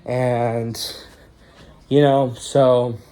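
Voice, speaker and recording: A man's voice: medium pitch, flat delivery, drawn-out words, mellow, smooth. A young man telling a story in a casual vlog from a room indoors, rambling and swearing, with "you know" and "dude" in almost every sentence. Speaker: vlogger.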